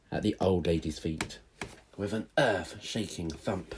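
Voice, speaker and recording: A male teacher reading a storybook aloud to children in a playful, animated way. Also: lowish voice, measured pace, background noise.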